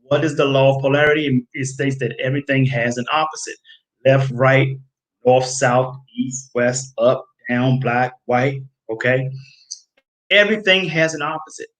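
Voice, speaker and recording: In a low-quality recording, a man with a steady, mid-range, slightly bright voice speaks at normal speed. Hosting a health video, he preaches straight to camera, emphatically repeating key phrases and addressing viewers as folks.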